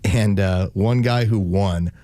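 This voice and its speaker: A man's voice: deep voice, slow, mellow, no echo. A man co-hosting a morning radio show, telling stories in casual banter and acting out the quotes. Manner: storytelling, acts out quotes. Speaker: radio co-host. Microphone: studio mic.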